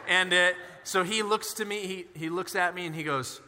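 A young man preaching a sermon in a casual, animated way, telling personal stories and acting out their dialogue. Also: sits high, moderate pace. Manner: animated, conversational, acts out dialogue in his stories. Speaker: pastor. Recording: reverberant church hall.

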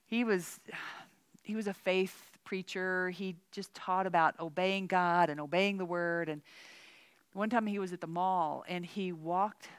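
Low-voiced woman teaching Bible study. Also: fairly even intonation, unhurried, smooth, dry recording. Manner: chatty, candid, many "you know" asides.

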